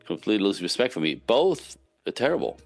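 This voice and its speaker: A man's voice: lowish voice, quick pace, gravelly, faint music behind. A man, a relationship coach speaking as a podcast guest, giving casual but emphatic advice and often checking in with "right?". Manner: emphatic, animated, frequent "right?" tags.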